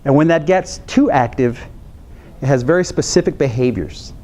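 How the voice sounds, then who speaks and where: A man from the United States, a health psychologist, giving an animated training lecture to counselors, repeating key phrases for emphasis and joking with the audience. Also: mid-range voice, normal speed.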